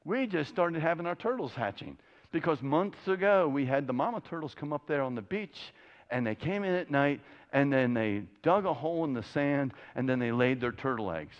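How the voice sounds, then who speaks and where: A man's voice: fairly high pitch, animated, normal speed, muffled recording. A middle-aged man from Florida, giving a passionate, emphatic sermon full of rhetorical questions as a guest speaker. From Florida, USA.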